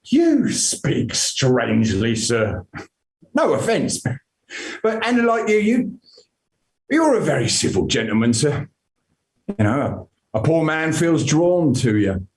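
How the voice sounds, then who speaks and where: A humble, chatty palace guard, played by a man, folksy and forever deferential in old stage speech. His voice sits a touch high for a man, and his delivery is unhurried. It is recorded in an echoey room. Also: sing-song, darkish tone. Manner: deferential, folksy, keeps calling the other man sir. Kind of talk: Elizabethan stage acting.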